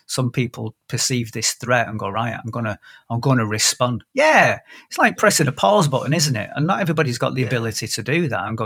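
This is a husky man in his fifties hosting a podcast. He tells stories in an animated way, often restarting his sentences mid-thought. His voice sits at an average pitch. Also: quick pace. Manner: animated storyteller with frequent restarts. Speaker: podcast host. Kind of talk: casual conversation.

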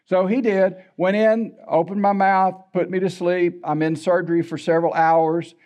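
An older pastor preaches in a high, bright-pitched voice. He talks in a folksy, candid, humorous storytelling way. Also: little pitch movement, moderate pace. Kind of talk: sermon.

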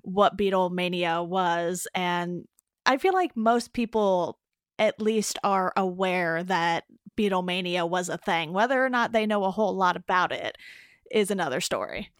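A young woman co-hosting a podcast in casual chat, relaxed and agreeable, often laughing lightly as she talks. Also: on the low side, measured pace, dry recording, clean studio sound. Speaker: podcast co-host.

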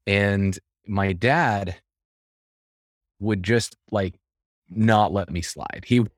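Low-voiced man telling a story. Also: steady tone, drawn-out words, no echo, clean studio sound. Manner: reflective storyteller with frequent restarts. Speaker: guest. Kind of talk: conversational interview.

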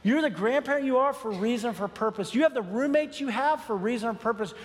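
A man's voice: extremely high pitch, fast. A middle-aged man pastor telling a personal story in a sermon, earnest and building to emphatic preaching. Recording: long hall reverb.

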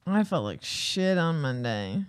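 A woman's voice: sits low, big pitch swings, unhurried, clear, resonant tone, no echo, clean studio sound. A young woman co-hosting a casual podcast chat, teasing and playful. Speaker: podcast co-host.

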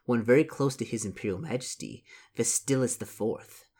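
A man's voice: mid-range voice, moderate pace, a little mellow, slightly rough. A man voicing a tiny male ring spirit who speaks formally, pleading and scheming. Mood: explaining.

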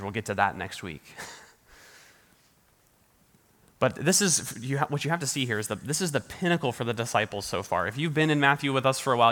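A man preaching a sermon in a church hall, his middle-pitched voice carrying a long reverb off the room. He talks conversationally, restarts phrases often and laughs lightly. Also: a bit bright. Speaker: pastor.

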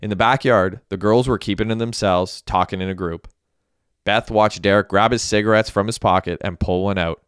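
Casual: guy narrating an audiobook, low smooth voice, dry close mic. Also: steady tone, normal speed, no room sound.

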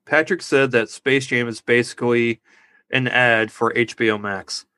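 A man's voice: medium pitch, fairly even intonation, normal speed, bright, forceful tone, smooth, no room sound. A man co-hosting a casual movie review podcast, rambling and laughing at his own jokes. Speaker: podcast co-host.

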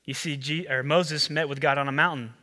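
Male pastor, higher voice, sermon in a church hall with long reverb. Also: a little fast. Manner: animated, acts out the disciples and Jesus with rising pitch.

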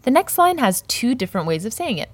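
A woman teaching a language lesson, explaining a poem's words slowly and carefully and repeating each term for learners. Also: on the high side, sing-song, no echo. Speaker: Persian language and poetry teacher.

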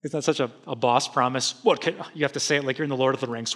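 A middle-aged man preaching a sermon, lively, casual and joking with his listeners. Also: medium pitch, fast, hardly any pauses. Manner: energetic, conversational, humorous. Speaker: pastor.

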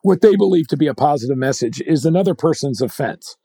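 A man's voice: a little high, lively intonation, quick pace, vocal fry, dark tone, husky, dry recording, studio quality. A man hosting a podcast, asking long rambling questions with many restarts. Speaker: podcast host. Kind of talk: conversational interview.

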